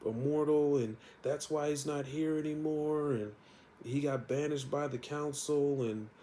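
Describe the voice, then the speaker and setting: A man voicing a sad, tearful young witch girl in a high, childish voice while retelling a comic. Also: moderate pace, a little mellow, a little hiss or hum, close to an everyday voice.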